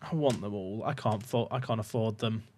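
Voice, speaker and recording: A young man giving casual, excitable commentary on his game to his chat, swinging from muttering to loud outbursts. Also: fairly low pitch, brisk, slight background noise. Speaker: gaming YouTuber.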